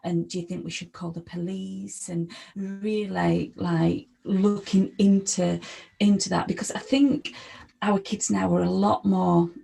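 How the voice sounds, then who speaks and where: A woman speaking hesitantly about her autistic daughter, with many pauses and restarts. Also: medium pitch, level tone, dark tone. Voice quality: gravelly, husky. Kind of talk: casual group chat.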